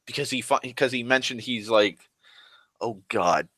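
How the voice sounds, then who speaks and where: A young man rambling through a casual vlog monologue, restless and full of restarts, swearing freely and swinging between loud and soft. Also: medium pitch, moderate pace, no room sound. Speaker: vlogger.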